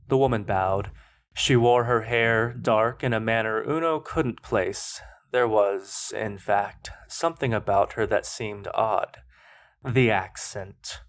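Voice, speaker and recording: Deep-voiced man reading a story aloud. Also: takes it slowly. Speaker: podcast host. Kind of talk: reading fan fiction aloud.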